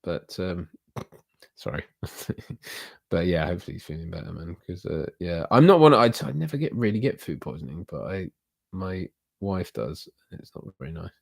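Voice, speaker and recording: A man's voice: sits low, very animated, normal speed, vocal fry, husky, dry recording, studio quality. A man hosting a casual livestream, chatting loosely with viewers in a rambling, self-deprecating way. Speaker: livestream host.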